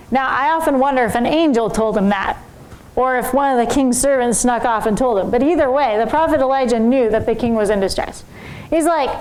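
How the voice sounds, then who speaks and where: Animated, high-voiced woman telling a Bible story. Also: low-quality recording. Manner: animated, conversational, asks the audience questions. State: tired. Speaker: teacher.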